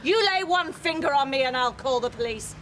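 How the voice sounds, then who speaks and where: A woman's voice: high voice, lively intonation, fairly quick, a bit bright, a little hiss or hum. An actress playing an indignant mother in a soap drama, scolding at her front door. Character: weary mother defending herself at her door.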